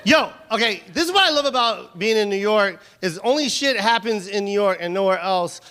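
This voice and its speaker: A middle-aged man from Los Angeles performing stand-up comedy. He talks in animated bursts, restarts often and laughs at his own lines. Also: high-pitched, a little fast. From Los Angeles, USA.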